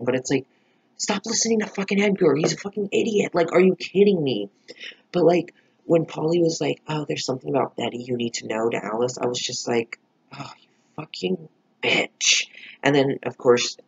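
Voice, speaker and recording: A man's voice: medium pitch, creaky, slightly rough, lo-fi sound. A man giving a casual, heated reaction review of a TV episode, swearing often and full of fillers.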